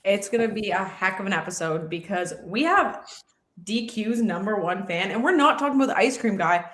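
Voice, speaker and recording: A woman's voice: mid-range voice, expressive, brisk, a bit bright, reverberant. An upbeat woman with a Canadian accent, hosting a casual podcast chat. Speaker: podcast host.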